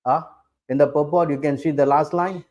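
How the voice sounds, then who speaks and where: A middle-aged man preaches a scripture class, pressing his listeners with pointed rhetorical questions. His voice sits a little high but sounds warm and mellow. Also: fairly even intonation, moderate pace, muffled recording. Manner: challenging, asks rhetorical questions often. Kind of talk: sermon.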